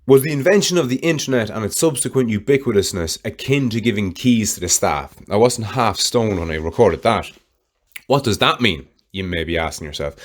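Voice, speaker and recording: A man hosting a solo podcast, talking candidly in a rambling way and swearing freely. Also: lowish voice. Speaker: podcast host.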